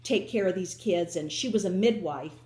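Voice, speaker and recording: A woman's voice: fairly low pitch, moderate pace, dark tone, roomy sound. A woman hosting a casual home chat, rambling with many restarts and drifting back with "so anyway". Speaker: host.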